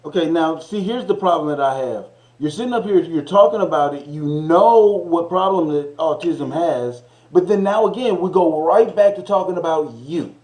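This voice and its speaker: A man's voice: on the high side, expressive, normal speed, few pauses, a little mellow, roomy sound, rough recording. A man hosting a reaction livestream, lecturing and swearing. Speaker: stream host.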